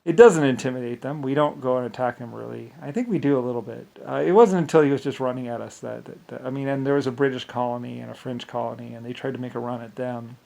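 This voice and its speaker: A man's voice: mid-range voice, fast talker, vocal fry, few pauses, dark tone, poor audio. A man in a casual, rambling rant, scornful, full of restarts and fillers.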